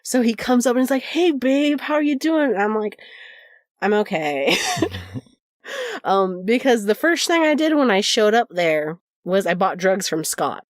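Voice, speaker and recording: A woman's voice: mid-range voice, expressive, a little slow, dry recording, clean studio sound. A woman co-hosting a podcast, casually recounting an anecdote and acting out the quoted voices, laughing often. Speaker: podcast co-host. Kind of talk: casual storytelling chat.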